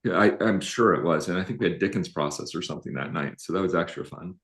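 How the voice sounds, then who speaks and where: A deep, low-pitched middle-aged man on a live relationship show, telling stories in an animated, self-deprecating way. His voice carries a roomy echo from the space around him. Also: fast talker. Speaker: relationship coach co-host. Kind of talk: live-streamed conversational talk.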